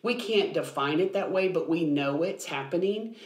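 A woman's voice: lowish voice, animated, moderate pace, a little mellow. A woman biblical counselor explaining things earnestly in a podcast conversation, with frequent ums. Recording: roomy echo.

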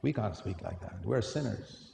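A man's voice: low-pitched, animated, moderate pace, gravelly, mellow. Man preaching in a cavernous hall. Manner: earnest, emphatic, asks the audience questions. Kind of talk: sermon. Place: large hall. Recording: echoey hall, faint noise.

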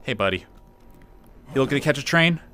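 A man streaming a game, swearing often, laughing and reacting loudly to what happens on screen. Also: medium pitch, animated, a little fast. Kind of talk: casual gameplay streaming.

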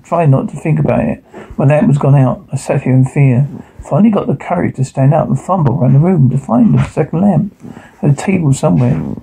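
A man narrates a first-person horror story with a very dark, husky and raspy voice. His delivery is halting, with stumbles and restarts along the way. The gravelly edge in his voice runs through the whole reading. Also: on the high side, poor audio.

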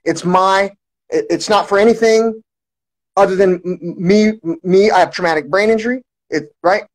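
A man's voice: sits high, normal speed, low-quality recording. A man talking to his livestream viewers in a long, rambling monologue, full of restarts and swearing. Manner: repetitive restarts, heavy swearing.

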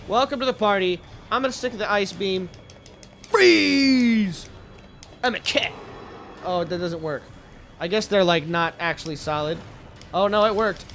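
A young man casually commentating a video game, joking and swearing, with sudden goofy shouts. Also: high-pitched, slight background noise. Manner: joking, profane, playful bursts of goofy shouting. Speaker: let's play gamer.

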